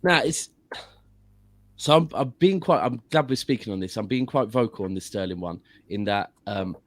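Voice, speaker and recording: A man's voice: on the low side, expressive, normal speed, dry recording. Man explaining football in long runs. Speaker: guest pundit. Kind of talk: casual football analysis.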